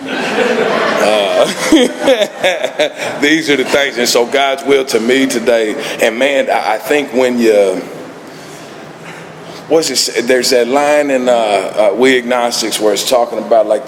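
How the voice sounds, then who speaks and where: A man giving a laid-back recovery talk at a meeting, laughing often as he tells stories. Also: lowish voice. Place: meeting hall. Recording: echoey hall, faint ambient noise.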